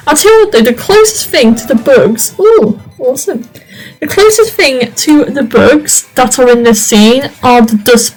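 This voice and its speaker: A woman's voice: sits high, poor audio. A woman giving casual, rambling commentary over her gameplay. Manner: chatty, rambling, lots of fillers. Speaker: video game creator.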